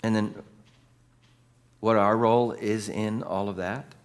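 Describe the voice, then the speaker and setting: A male pastor delivers a sermon in a lively, conversational style, mixing jokes with calls for the congregation to answer back. His voice sits on the lower side. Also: slow, a little hiss or hum. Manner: jokey, conversational preaching.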